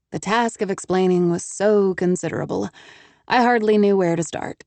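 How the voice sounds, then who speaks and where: A woman reads a first-person romance novel aloud with crisp, measured pacing. Her voice sits in a lower register and the recording is dry and close-miked. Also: mellow, dry recording. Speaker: audiobook narrator.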